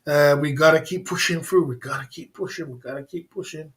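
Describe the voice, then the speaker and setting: A man's voice: fairly high pitch, fairly quick, rough recording. A man hosting a casual livestream chat, bantering in slang, laughing often and repeating his catchphrases. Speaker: livestream host.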